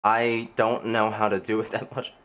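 A man's voice: on the low side, completely flat delivery, moderate pace, over a noisy crowd. A man hosting a game playthrough, reading the dialogue and adding sarcastic, joking asides. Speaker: let's play host. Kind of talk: gameplay commentary and reading dialogue aloud.

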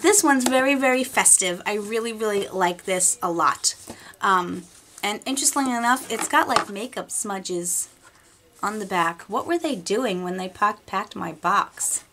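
Chatty, excitable woman vlogger. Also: on the high side, a little hiss or hum. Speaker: beauty vlogger. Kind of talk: casual unboxing vlog.

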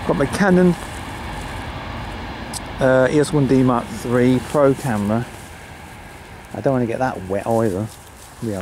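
A man's voice: mid-range voice, noisy background. A British man vlogging on flooded country trails, rambling and self-deprecating while talking into his camera. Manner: rambling, self-deprecating, mutters asides to himself. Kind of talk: casual vlog talk to camera. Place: outdoors on flooded rural trails in winter.

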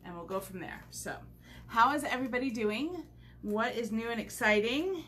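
A woman's voice: fairly high pitch, lively intonation, normal speed, fairly bright tone, a little hiss or hum. A woman chatting casually while demonstrating a craft on a livestream, rambling with many fillers, recorded at home on the camera mic.

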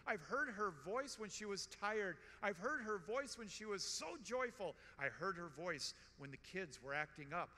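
A man in his sixties giving a storytelling conference talk in a large hall, animated and joking, with emphatic repetition. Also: high-pitched, normal speed, hardly any pauses. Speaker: conference speaker. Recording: long hall reverb.

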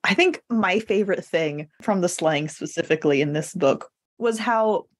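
A woman's voice: fairly low pitch, animated, moderate pace. A woman hosting a book podcast, enthusiastic and giggly as she asks the author about the novel. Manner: friendly, giggly, enthusiastic reader. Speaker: podcast host. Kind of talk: casual podcast interview.

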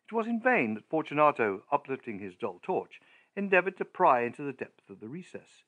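A man narrating a horror audiobook in a measured, deliberate, storytelling manner. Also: a little high, very animated, a bit bright.

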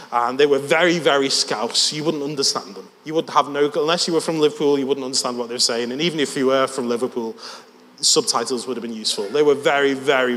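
A man's voice: medium pitch, a bit bright. A man preaching a sermon in a church hall, telling a story in a conversational, self-deprecating way. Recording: long church reverb.

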